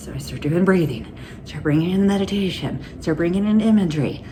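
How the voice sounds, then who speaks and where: A woman vlogs candidly to her phone camera, rambling and laughing through anxious stories in a casual personal vlog. Her voice is fairly low, animated and mellow, and she speaks fairly quickly over slight background noise.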